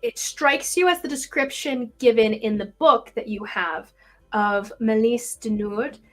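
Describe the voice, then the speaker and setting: A woman running a tabletop game as game master, narrating scenes with relaxed fillers. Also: a little high, measured pace, faint music behind. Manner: describes scenes with fillers and restarts.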